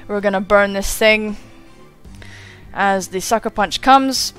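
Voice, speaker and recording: Woman streamer in her twenties, casual and chatty, average pitch, faint background music. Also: takes it slowly, a bit bright, smooth. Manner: chatty, self-mocking, swears and laughs often. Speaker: gaming YouTuber. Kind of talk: casual battle commentary.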